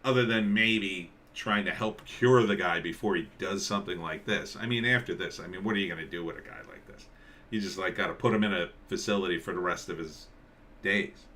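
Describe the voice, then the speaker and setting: A man hosting a live stream, rambling in casual commentary and reading viewer comments aloud, with halting restarts. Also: low voice, pushed and bright, a little hiss or hum.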